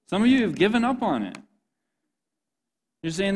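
A man's voice: on the high side, sing-song, moderate pace, pauses often. Earnest man preaching to youth. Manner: earnest, impassioned, addresses listeners as "guys". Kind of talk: sermon.

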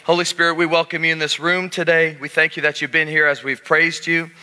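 Male pastor, fairly high ringing voice, emphatic sermon in a reverberant church. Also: little pitch movement, a little fast, sharp tone, clear, resonant tone. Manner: jokey, emphatic preaching with a congregation. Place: church sanctuary.

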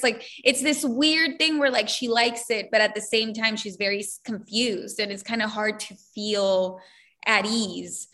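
A woman's voice: on the high side, measured pace, pushed and bright. A woman, an actress, chatting in an interview, giggly and loose, with lots of "like". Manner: giggly, chatty, many "like" fillers. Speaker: actor. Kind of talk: casual interview talk.

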